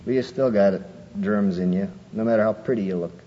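A man preaching a sermon, lively and conversational, acting out people's excuses in a raised voice. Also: fairly quick. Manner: animated, acts out quoted excuses in a higher voice. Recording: muffled old hall recording with faint noise.

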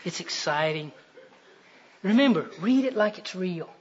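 A man preaching a sermon as a storyteller, swinging between loud emphasis and hushed delivery. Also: high-pitched, expressive, a little slow. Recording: dull lo-fi recording.

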